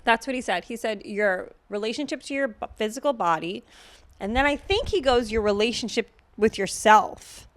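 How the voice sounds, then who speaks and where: A woman's voice: on the high side, animated, normal speed, dry recording. Sarcastic, swearing woman podcast host. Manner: profane, sarcastic, lots of "like" fillers. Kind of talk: casual podcast chat.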